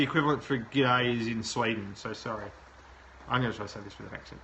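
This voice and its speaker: A man hosting a live show, an SEO consultant, reviews a website aloud while browsing it and gives plain, direct advice. He talks fast at medium pitch, sounding pushed and bright, on dull audio.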